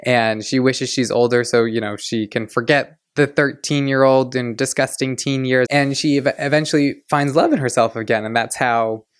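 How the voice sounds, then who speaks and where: A man's voice: mid-range voice, normal speed, few pauses, clear, resonant tone, dry recording, clean studio sound. Gushing young man hosting a podcast. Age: 20s. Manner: gushing, chatty, excitable. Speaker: podcast host. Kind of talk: casual chat.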